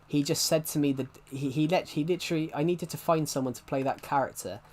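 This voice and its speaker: A man's voice: a little high, fast talker, a little mellow, slight background noise. Rambling young man streaming games. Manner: rambling, frequently restarting sentences. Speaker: game streamer. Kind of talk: casual live-stream chat while playing.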